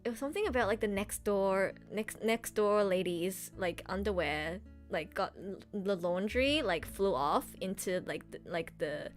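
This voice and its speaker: A woman voice actress chatting casually on a livestream, excitable and gushing, laughing often. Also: medium pitch, unhurried, few pauses, faint music behind. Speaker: streamer and voice actress.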